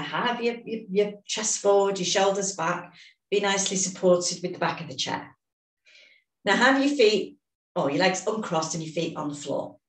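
A woman leading a guided emotional tapping session, giving calm step-by-step instructions and phrases to repeat. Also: mid-range voice. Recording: echoey room, distant mic.

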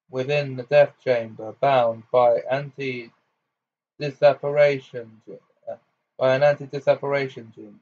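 A man's voice: medium pitch, a little mellow, husky, dull audio. Dumbledore: a man doing a commanding old wizard. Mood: calm. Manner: measured, then thunderous. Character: commanding elderly male wizard, calm authority.

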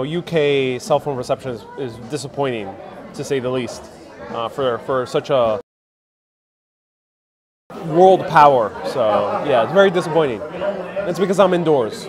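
A man from the United States live-streaming from inside a busy restaurant, chatting playfully with viewers as he tastes food and drink. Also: mid-range voice. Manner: playful, chatty, addresses viewers as ladies and gentlemen. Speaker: travel vlogger live-streaming. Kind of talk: casual live-stream chat. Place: indoor restaurant, public space. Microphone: phone held at arm's length. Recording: busy crowd chatter behind. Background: crowd chatter.

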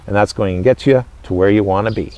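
A man with a fairly low voice gives a casual educational talk as a living history presenter. He explains things step by step, in short phrases with pauses between them. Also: a little mellow.

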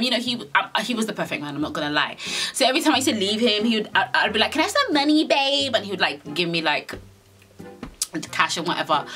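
A young British woman in her twenties, casually telling a storytime vlog, animated, slangy and swearing as she acts out scenes. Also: medium pitch. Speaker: storyteller vlogger.

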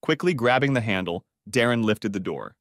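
A man's voice: lowish voice, expressive, moderate pace, dry recording. A man narrating a dramatic audiobook story in a scripted reading, on a close studio mic.

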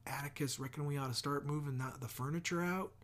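A man's voice: on the high side, quick pace, voice pushed up, lightly acted. Anxious young big brother, read by a man. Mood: worried. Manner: worried, hushed.

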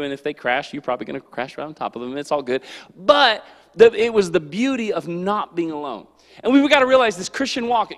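Youth pastor, male, high-pitched, lively storyteller, echoing church hall. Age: adult. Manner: animated, storytelling with acted-out quotes. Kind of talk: youth sermon. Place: church sanctuary.

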